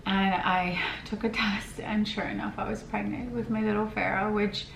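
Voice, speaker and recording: A woman's voice: medium pitch, flat delivery, moderate pace, vocal fry, fairly bright tone, slight background noise. A woman in her thirties telling a personal story on her vlog in an earnest, heartfelt way. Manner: earnest, heartfelt, emotional at times. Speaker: vlogger. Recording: echoey room, mic at a distance.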